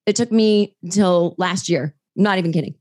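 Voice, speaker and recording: A woman's voice: lowish voice, moderate pace. A woman who is a comedian guest on a podcast, chatting casually and acting out the voices in her stories. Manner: animated storyteller who acts out quotes.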